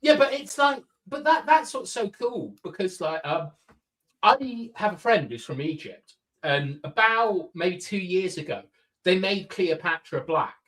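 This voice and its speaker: Man, casual podcast chat, opinionated, rambling, a bit high-pitched. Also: expressive, measured pace, fairly bright tone, rough recording. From countryside. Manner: chatty and opinionated, lots of fillers and laughs. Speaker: podcast guest.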